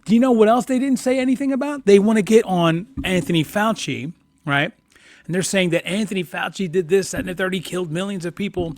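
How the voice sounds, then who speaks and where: A man's voice: high-pitched, brisk, no echo. A man streaming political commentary, ranting and mocking with lots of profanity. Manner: mocking, profane, animated rants.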